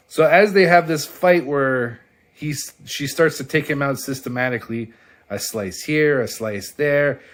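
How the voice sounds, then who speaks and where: Dude reviewing comics, swears a lot, gets hyped, voice a bit on the higher side. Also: male voice. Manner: excitable, profane, laughs often. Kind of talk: casual review vlog.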